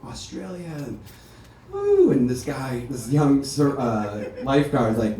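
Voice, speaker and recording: A man's voice: medium pitch, slow, a little hiss or hum. Man telling stories in an echoey hall. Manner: chatty, animated storytelling. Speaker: son giving a eulogy. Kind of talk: memorial speech with anecdotes. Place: ballroom. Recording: echoey hall, speaker heard from a distance.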